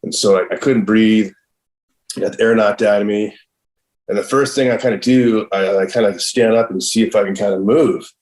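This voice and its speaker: A man's voice: on the low side, steady tone, normal speed, darkish tone, low-quality recording. A middle-aged man guesting on a podcast, telling a long story in a casual, rambling way, swearing freely and filling his talk with "like" and "I'm all.". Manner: rambling and profane, heavy use of "like" and "I'm all". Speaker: podcast guest, professional skateboarder.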